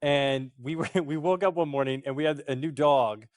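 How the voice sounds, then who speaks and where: A man telling a funny story as a talk show guest, laughing and animated. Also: on the high side, moderate pace, dry recording, clean studio sound. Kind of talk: casual anecdote.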